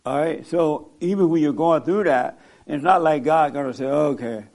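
Brief: male pastor, slightly high voice, easygoing teaching talk, quick to quiz people and crack jokes. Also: a little mellow. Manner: joking, questioning, plain-spoken. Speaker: pastor leading a group discussion. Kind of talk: casual teaching and Q&A.

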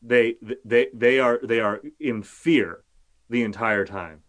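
A man's voice: medium pitch, slow. A male journalist talking casually as an interview guest, rambling with many fillers and restarts, and cursing now and then.

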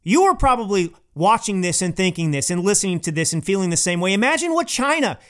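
A man with a noticeably high voice hosts his own podcast. He delivers a political opinion monologue in an emphatic, indignant tone and repeats his points for stress. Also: big pitch swings, quick pace. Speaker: podcast host.

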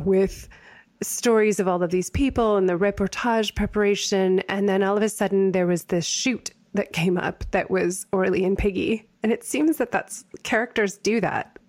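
A woman's voice: medium pitch, fairly even intonation, normal speed, no room sound. A woman hosting a conversational interview, reflecting thoughtfully on the writing process. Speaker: podcast host.

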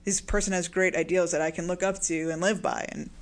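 A podcast co-host chats in a loose, casual way, often reaching for "like" as they think aloud. The voice sits in an ordinary middle pitch. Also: level tone, fairly quick. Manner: chatty, frequent "like" fillers. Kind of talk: casual discussion.

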